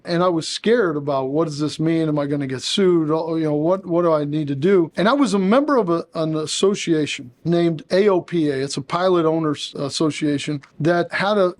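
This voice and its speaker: A male podcast host telling a personal story in an animated way, quoting his own past thoughts as he goes. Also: a little high. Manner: animated, quick storytelling with quoted asides.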